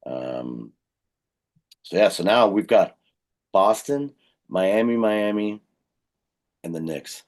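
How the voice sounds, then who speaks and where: A man's voice: expressive, takes it slowly, pauses often, darkish tone. A man co-hosting a casual fan podcast, rambling with fillers and self-corrections. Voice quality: very deep gravelly husky voice. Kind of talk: casual sports chat.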